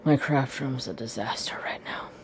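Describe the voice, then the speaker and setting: A man's voice: normal speed, gravelly, in a whisper. A man hosting a craft video, rambling with hesitations and restarts, chatting casually at home. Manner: baby-talks high-pitched to his dog. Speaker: craft channel host.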